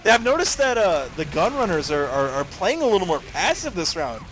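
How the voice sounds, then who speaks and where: Excitable high-voiced male game caster. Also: brisk, slight background noise. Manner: excitable, joking, rises sharply on big plays. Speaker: esports caster. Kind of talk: live play-by-play commentary.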